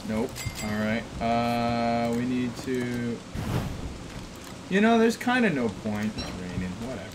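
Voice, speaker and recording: A young man streaming a game, talking to himself in bursts that swing from loud yelps to low mutters. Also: animated, slow pace, background noise. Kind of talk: gaming commentary. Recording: game music underneath. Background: game music.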